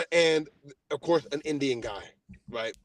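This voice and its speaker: Podcast host, male, high voice, dry close sound, profane animated storyteller. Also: slow, no room sound. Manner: animated, profane, ranting, acts out both sides of a phone call. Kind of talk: casual chat storytelling.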